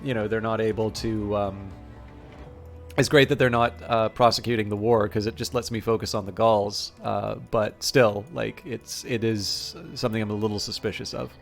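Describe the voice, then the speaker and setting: A man's voice: on the low side, level tone, normal speed, gravelly, few pauses, soft background music. Man thinking aloud over a strategy game. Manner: thinks aloud with frequent fillers and restarts, self-amused. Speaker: game streamer. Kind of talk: live strategy game commentary.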